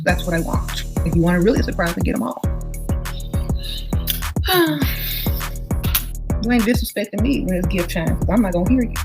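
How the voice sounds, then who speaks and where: A woman giving blunt, sassy birthday advice straight to the viewer. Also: mid-range voice. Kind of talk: casual advice monologue. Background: guitar music.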